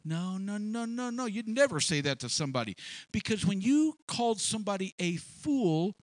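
A man's voice: high-pitched, sing-song, normal speed, no room sound. A man preaching a sermon, telling a story and acting out small scenes in changing voices.

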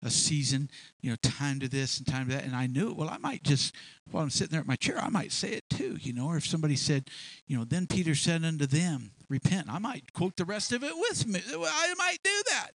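A man's voice: a little high, big pitch swings, fairly quick, fairly bright tone, no echo. A man preaching a sermon in a folksy, repetitive way, stumbling over words and acting out little scenes. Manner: folksy, repetitive, acts out voices for illustration.

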